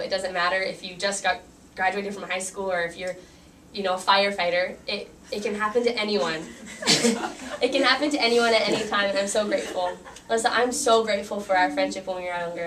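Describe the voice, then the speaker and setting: Picked up from afar with faint room noise, a young woman delivers her maid of honor toast at a wedding. Her mid-range voice sounds a bit bright as she giggles and chats through her stories, restarting often and saying "like" a lot.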